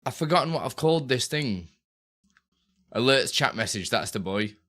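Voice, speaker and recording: A young man chats to his live-stream audience in a bright, lively voice. He greets viewers one after another, stumbles and repeats himself as he works. The talk stays loose and unscripted throughout. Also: medium pitch, normal speed. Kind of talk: casual live-stream chat.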